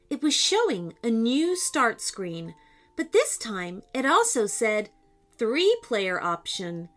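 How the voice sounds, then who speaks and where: A woman's voice: on the high side, big pitch swings, takes it slowly, fairly bright tone, faint music behind. A woman narrating a children's story expressively, voicing sound effects as she reads.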